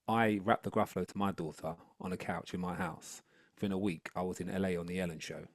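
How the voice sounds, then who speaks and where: A rapper and educational consultant talking energetically on a video call webinar, then rapping a picture book. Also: male voice, deep voice, fast, no room sound, studio quality. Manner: energetic, upbeat, chatty. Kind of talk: webinar talk and live rap.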